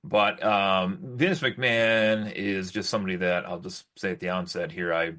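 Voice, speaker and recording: A man's voice: sits low, steady tone, normal speed, bright, forceful tone. A man co-hosting a podcast in casual chat, rambling and restarting often. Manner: rambling, with many fillers and restarts. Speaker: podcast host.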